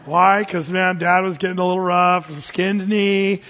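A man's voice: high-pitched, little pitch movement, measured pace, a bit bright, big-room sound, highs cut off. A middle-aged man preaching a sermon in a folksy, conversational way, chuckling now and then. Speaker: pastor.

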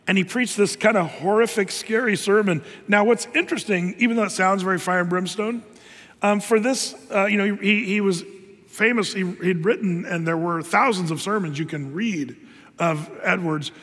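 A man's voice: sits high, normal speed, fairly bright tone. A man preaching a sermon in a loose, conversational way, full of fillers and restarts. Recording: long hall reverb.

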